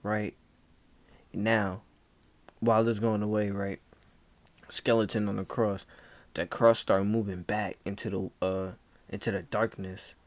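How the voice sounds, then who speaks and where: A man telling a spooky story in a laid-back, hushed casual way, dropping "bro" often. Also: lowish voice, flat delivery, unhurried, pauses often, no echo. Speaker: vlogger.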